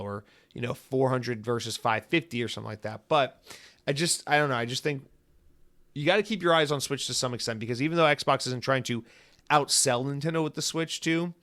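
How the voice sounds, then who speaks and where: A male podcast host talks alone in a loose, chatty monologue that drifts into silly asides. His pitch sits at a medium height for a man, and his delivery stays easygoing and conversational. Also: a bit bright. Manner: rambling, jokey, full of comic tangents. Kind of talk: casual solo podcast monologue.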